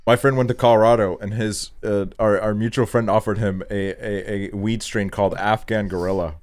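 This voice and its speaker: Low-voiced young man hosting a podcast. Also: brisk. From Estonia. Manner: loose and profane, animated when quoting himself. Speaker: podcast host. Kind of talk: casual chat.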